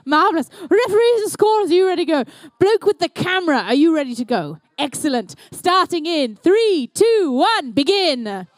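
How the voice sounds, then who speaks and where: A woman's voice: very high-pitched, very animated, normal speed, few pauses, no room sound. A woman commentating a live indoor competition and emceeing it, with playful, jokey banter aimed at the crowd.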